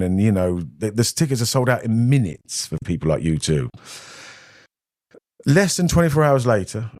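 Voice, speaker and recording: British male guest, low voice, close and dry, chatty rambling storyteller who mimics the voices of the people in his stories. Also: a little mellow, dry recording. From Britain. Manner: rambling anecdotes, often acting out quoted voices. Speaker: podcast guest. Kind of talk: casual storytelling.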